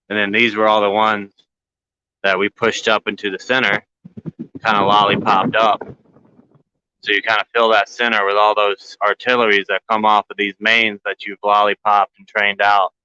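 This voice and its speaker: A man's voice: fairly low pitch, sharp tone, clean tone, no echo, lo-fi sound. A man hosting a casual walkthrough vlog, rambling and joking, short on sleep. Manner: rambling, jokey, talks to his plants. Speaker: grow channel host.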